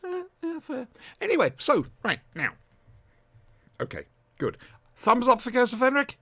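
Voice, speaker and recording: A man hosts a casual podcast chat, his pitch swinging widely as he talks. He is jokey and rambling, cracking asides between points. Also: wildly swooping pitch, unhurried, fairly bright tone. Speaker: podcast host.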